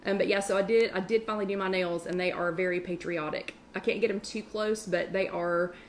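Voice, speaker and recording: A Southern woman hosts a casual live-stream chat from home, rattling on fast and friendly. She rambles and jumps between asides, heard through a webcam mic. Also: medium pitch, fairly even intonation, slight background noise. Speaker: host of a live online chat.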